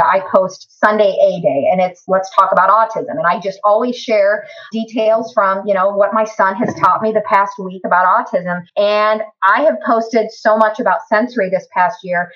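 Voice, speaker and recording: A woman's voice: medium pitch, moderate pace, few pauses, fairly bright tone. Passionate middle-aged woman, muffled distant mic. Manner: passionate, emphatic, talks with her hands. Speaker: guest, autism therapist and parent. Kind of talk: conversational interview.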